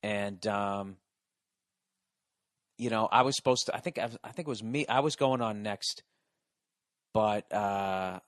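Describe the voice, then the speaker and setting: A man in his forties, a podcast host and stand-up comedian, telling a long story in a profane, excitable, rambling way with lots of restarts. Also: on the low side, unhurried, pauses often, no room sound, studio quality. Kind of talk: casual storytelling monologue.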